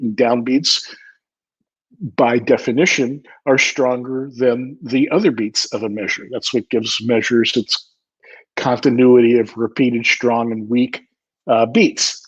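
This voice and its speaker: A man's voice: mid-range voice, fairly even intonation, measured pace, husky. An older man giving an online percussion clinic, explaining musical stress and sometimes singing rhythm syllables. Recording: slightly muffled lo-fi audio.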